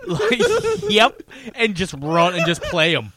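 Brief: male co-host, slightly high, animated pitch, teasing jokester, noisy recording. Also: slow, vocal fry. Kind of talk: casual banter.

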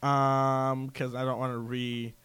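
A man's voice: mid-range voice, slow pace, clear, resonant tone, dry recording. A man co-hosting a podcast in casual banter, telling stories with lots of laughter. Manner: laughing, animated storytelling. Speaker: podcast co-host.

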